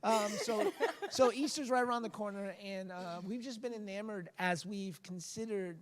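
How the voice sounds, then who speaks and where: A man's voice: high voice, normal speed, long reverb tail. A man who is a pastor talks in a casual podcast discussion. He is earnest and a bit preachy, and he often restarts his sentences.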